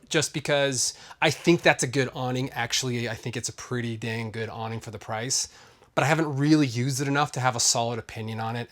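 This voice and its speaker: A man's voice: mid-range voice, a bit bright. A man hosting a vlog, giving a casual and rambling product review full of fillers. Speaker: host.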